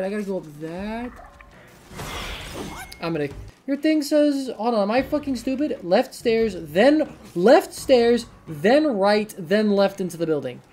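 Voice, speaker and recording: A young woman streamer giving casual gameplay commentary, swearing often and talking to herself as she plays. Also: mid-range voice. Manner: profane, excitable, talks to herself.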